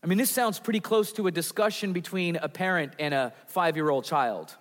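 A man preaching a sermon in a church, earnest, with dramatic drops in pitch and volume. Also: fairly quick. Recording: reverberant hall.

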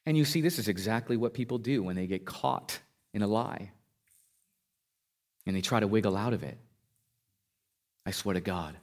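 A pastor preaches a sermon at a brisk pace with long pauses, retelling a scripture passage. His pitch climbs for emphasis and drops low on key lines.

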